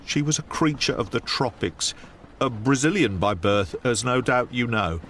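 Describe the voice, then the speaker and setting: A man's voice: medium pitch, moderate pace, a bit bright, slight background noise, natural voice. A man reading an audiobook, voicing a thin, nervous male estate manager who shoots out short, breathless sentences. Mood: agitated.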